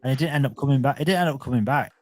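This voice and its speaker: A man's voice: mid-range voice, racing. A man hosting a casual live audio chat, talking loosely with lots of restarts and fillers. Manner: rambling, many restarts. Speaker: space host. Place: home, at night.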